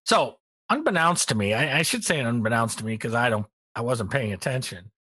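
A middle-aged man co-hosting a casual hobby podcast, relaxed and rambling with many ums, a little tired. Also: mid-range voice, brisk, slightly rough, no echo. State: tired, yawning. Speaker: podcast co-host. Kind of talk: casual hobby news chat.

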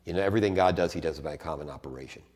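Lowish man teaching theology in a reverberant hall. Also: rapid-fire. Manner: conversational, repeats and restarts phrases, animated emphasis. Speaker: theology lecturer.

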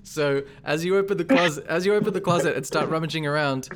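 A man narrating a tabletop game as game master, relaxed and chatty, often laughing. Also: fairly high pitch, quick pace.

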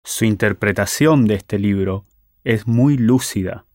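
Low-voiced man giving careful answers. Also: normal speed, a little mellow, no room sound, clean studio sound. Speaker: model student answering. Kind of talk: scripted answers in a language lesson.

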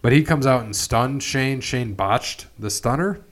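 A man's voice: mid-range voice, measured pace. A man hosting a casual chat, rambling through a recap with lots of fillers and restarts. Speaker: podcast host.

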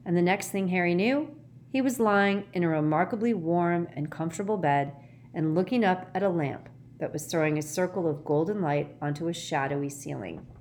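A woman narrating a storybook in an expressive, dramatic way. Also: lowish voice, moderate pace, a little hiss or hum. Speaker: audiobook reader.

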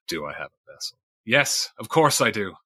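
A man voicing a grizzled old one-legged male fisherman who talks gruff and blunt. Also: lowish voice, sing-song, a little slow, bright, forceful tone, no echo, exaggerated voice. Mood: proud.

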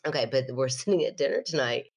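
A woman podcast host telling a story in casual chat, animated, laughing often and acting out what people said. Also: extremely low pitch, quick pace.

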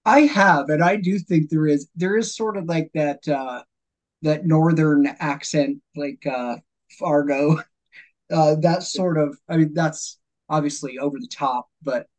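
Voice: medium pitch, a little slow. A host born and raised in America, chatting casually with a guest and leaning on fillers. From United States. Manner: relaxed, chatty, uses fillers. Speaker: podcast host. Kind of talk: casual interview talk.

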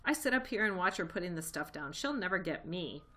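A woman voicing a rude, indignant male rat who shrieks from a high shelf in a storybook reading. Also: very animated, a little fast, bright, forceful tone, far from the mic. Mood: scornful.

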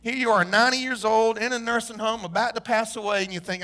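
A man preaching a sermon as pastor, emphatic, repeating his questions and often clearing his throat. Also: high voice, fast, hardly any pauses, sharp tone.

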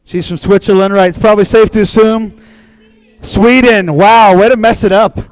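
A high-voiced man tells a Bible story as a casual sermon, chatty and animated. His voice is recorded dry and close, with almost no room sound. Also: moderate pace, no room sound, rough recording. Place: room with a live audience.

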